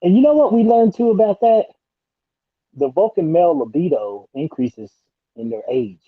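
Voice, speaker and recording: A man talks slowly with a husky voice, his pitch moving a lot as he chats. The sound is thin and phone-like and very dry. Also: big pitch swings, no echo. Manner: slow, says "you know" often. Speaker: podcast co-host. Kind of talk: casual chat.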